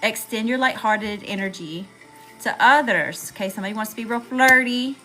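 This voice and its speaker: A woman's voice: a little high, normal speed, sharp tone, faint music behind, low-quality recording. A woman with a Southern US accent giving a chatty, slangy live tarot reading to viewers, calling them y'all. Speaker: tarot reader.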